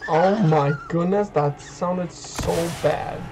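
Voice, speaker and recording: A young man hosting casual gameplay chat, excitable and teasing. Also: fairly high pitch, slow, noisy background. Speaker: gaming channel host.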